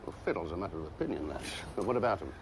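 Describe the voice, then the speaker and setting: An actor playing a smug, menacing man who patronizes with mocking calm in a TV drama. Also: sits low, very fast, slight background noise. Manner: patronizing, calls others "lad", mocking calm. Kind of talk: TV drama acting.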